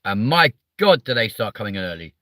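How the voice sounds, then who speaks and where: A man chats casually on a live stream, reading out the chat. His voice sits low but comes across bright and forceful. The sound is close and dry, and he swears freely and fills gaps with ums. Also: sing-song, brisk, dry recording.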